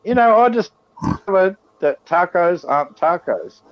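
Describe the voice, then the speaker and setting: A man's voice: high-pitched, lively intonation, normal speed, no room sound. Yarn-spinning Australian man, lo-fi. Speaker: livestream guest. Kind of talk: casual storytelling.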